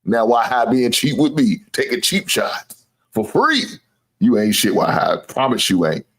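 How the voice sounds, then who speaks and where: This sports show host has a mid-range voice with a breathy edge, very animated delivery and normal speed. He rants casually to viewers, trash-talking with boasts and teasing, swearing openly and laughing at his own jokes.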